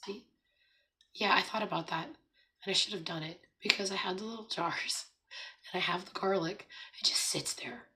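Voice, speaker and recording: A woman with a hoarse, raspy voice from laryngitis, hosting a casual morning livestream, chatting, laughing often and greeting viewers. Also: medium pitch, normal speed, bright, forceful tone. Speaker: livestream host. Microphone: streaming setup.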